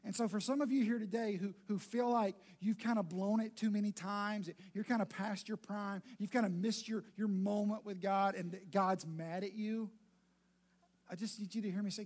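A man delivers a sermon in a relaxed, conversational tone that keeps building emphasis. His voice sits notably high. He leans on repeated phrases to drive each point home. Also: normal speed. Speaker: pastor.

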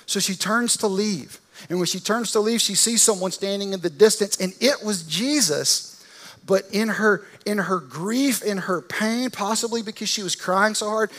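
A male pastor preaching an Easter sermon, telling the story dramatically and swinging from hushed, almost whispered lines to loud, impassioned ones. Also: high-pitched.

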